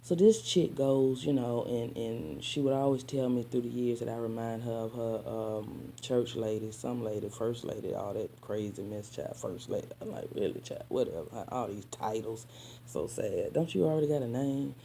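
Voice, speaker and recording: A sassy woman vlogger, talking straight to her listeners in a casual storytime. Her voice is dark and mellow, and she calls her audience honey and child. She mixes spiritual preaching into her story and now and then drops into soft asides. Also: very deep voice, normal speed, slight background noise.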